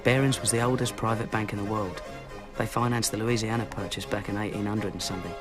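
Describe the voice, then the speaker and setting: A man's voice: fairly low pitch, fairly even intonation, fast talker, over music, close to an everyday voice. A young English man narrating his own story in a cocky, wry tone. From England. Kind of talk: film narration.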